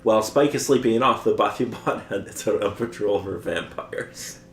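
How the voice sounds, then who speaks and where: Podcast co-host, male, low-ish voice, easygoing plot recap with frequent chuckles, roomy sound with faint hum. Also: moderate pace. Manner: chuckles often while recapping. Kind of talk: casual chat, recapping a plot.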